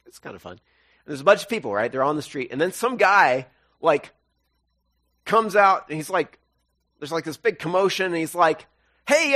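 A man preaching a sermon, reading scripture and retelling it as a lively story, acting out the voices. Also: on the high side, no echo. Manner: animated storytelling, acts out voices. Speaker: pastor.

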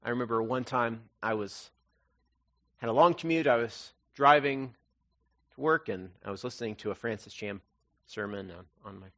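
A man preaching an Easter sermon, earnest and conversational, rising to loud emphasis and dropping to hushed, soft moments. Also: medium pitch, normal speed. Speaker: pastor.

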